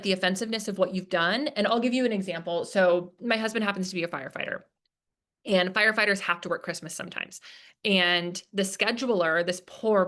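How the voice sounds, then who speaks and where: A woman's voice: medium pitch, a bit bright. A woman giving a casual workshop talk, chatty and full of fillers, acting out quoted lines as she explains. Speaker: speaker at a business workshop. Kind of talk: casual lecture. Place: presentation room.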